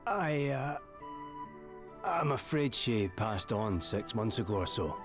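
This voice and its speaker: A man's voice: on the low side, very animated, slow, full character voice. An actor playing a folksy man who greets a famous knight heartily. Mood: somber. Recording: game audio under music.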